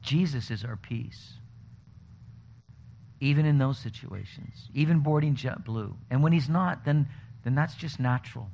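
Male pastor, conversational sermon, animated storytelling, faint background hiss. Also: medium pitch, measured pace, creaky. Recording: dull lo-fi recording with faint noise.

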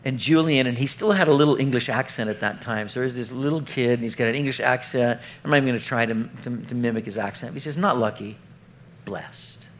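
A man's voice: mid-range voice, quick pace, hardly any pauses. A middle-aged man preaching an earnest, conversational sermon, often putting questions straight to the congregation. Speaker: pastor.

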